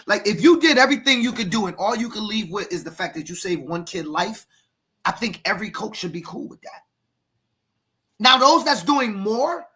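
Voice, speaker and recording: Bright-voiced fired-up American football coach. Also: male voice, sits high. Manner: emphatic, preachy, repeats words and addresses co-host by name. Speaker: youth football coach and podcast host. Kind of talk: passionate podcast talk.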